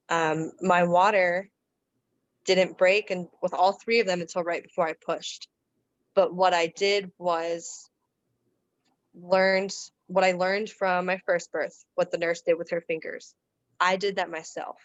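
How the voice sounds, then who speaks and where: A woman appears as a podcast guest, relaxed and chatty as she tells a personal story, full of fillers and restarts. Her voice is lowish and her pace measured, and the recording is both dry and muffled.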